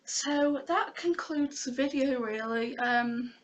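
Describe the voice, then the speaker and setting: A woman's voice: high voice, slow, lo-fi sound. A young woman talking frankly and with feeling in a personal vlog, near tears and swearing casually. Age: young adult. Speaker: vlogger.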